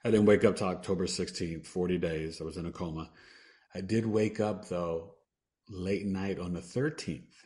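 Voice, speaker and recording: A man's voice: deep voice, steady tone, normal speed, mellow. A man who is a podcast guest, telling a personal story earnestly and acting out what people said. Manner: earnest, acts out quoted dialogue, trails off and restarts.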